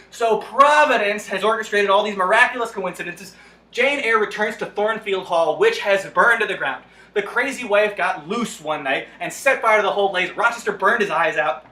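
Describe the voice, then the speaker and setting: A man in a comedic book-summary vlog, sarcastic and exasperated, swearing freely as he rushes through the plot. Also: high-pitched, pushed and bright, echoey room, poor audio.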